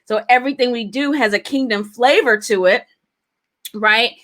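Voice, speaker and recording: A woman's voice: fairly high pitch, normal speed, a bit bright. A middle-aged woman teaching a live business lesson, speaking in an encouraging, conversational way with frequent light laughs and preacherly repetition and rhetorical questions. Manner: encouraging, conversational, laughs often between points. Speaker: business coach.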